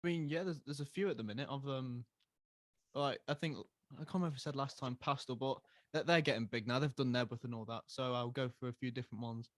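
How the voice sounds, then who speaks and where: An easygoing young man from a band, answering questions in a relaxed interview. His voice sits mid-range, and the sound is dry and close. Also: mid-range voice, fast, dry recording. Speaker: band member guest. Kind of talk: casual interview.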